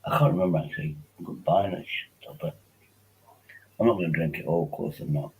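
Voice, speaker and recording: A man's voice: low-pitched, fast, darkish tone, breathy edge, low-quality recording. A man hosting a casual livestream, rambling and joking while tipsy on wine, often repeating himself. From England. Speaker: livestream host.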